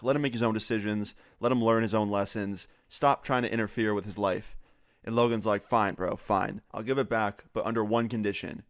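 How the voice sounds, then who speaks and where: A young man casually telling a story, quoting his friends in quick back-and-forth with lots of "like" fillers. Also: lowish voice, no echo, clean studio sound.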